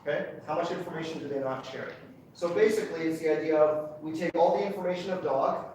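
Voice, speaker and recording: A man's voice: fairly high pitch, steady tone, fast talker, a little mellow, far from the mic, a little hiss or hum. Chatty male lecturer in an echoey hall. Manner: chatty, enthusiastic, checks in with "okay?". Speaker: university lecturer. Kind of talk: classroom lecture.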